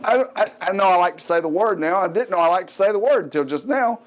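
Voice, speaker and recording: A middle-aged man from the US Gulf Coast, with a Southern American accent, hosts a fitness show and chats casually about a product, throwing in joking asides. He talks fast in a high voice with lively intonation.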